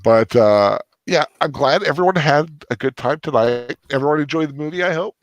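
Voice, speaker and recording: A man hosting a casual post-movie chat, rambling and halting with lots of restarts and fillers. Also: fairly high pitch, lively intonation. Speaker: host.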